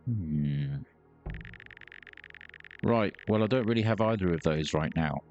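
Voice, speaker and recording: A man's voice: sits low, expressive, slow, a little mellow, dull audio, faint music behind. A man recording let's play commentary on a headset mic, joking, swearing and mocking the game's characters. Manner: jokey, swears, mocks the characters. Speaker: gaming YouTuber.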